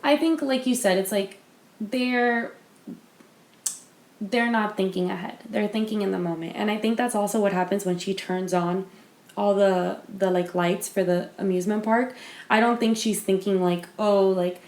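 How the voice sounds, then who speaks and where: A woman's voice: mid-range voice, normal speed, a little mellow. Chatty woman in an echoey room. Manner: chatty, lots of fillers and restarts. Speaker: podcast co-host. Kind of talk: casual chat. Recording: roomy echo.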